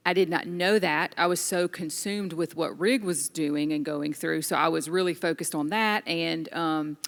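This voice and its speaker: A woman's voice: low-pitched, moderate pace, long reverb tail. A middle-aged mother telling her family's story candidly and with feeling, laughing at times. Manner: emotional, animated storytelling with laughter. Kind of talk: candid testimony in a group discussion.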